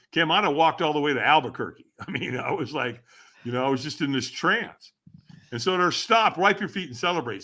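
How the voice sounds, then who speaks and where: A man who is a guest on a podcast, telling a story dramatically and acting out the voices and shouts of the people in it. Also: fairly high pitch. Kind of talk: animated storytelling.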